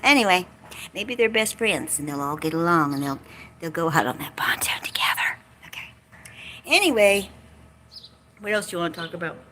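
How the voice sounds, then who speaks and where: A woman's voice: fairly low pitch, expressive, moderate pace, long pauses, sharp tone, a little hiss or hum. A woman with a Southern US accent chatting casually on a livestream, joking, folksy and a bit salty. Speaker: vlogger. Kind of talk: casual rambling livestream chat. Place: outdoors by a lake.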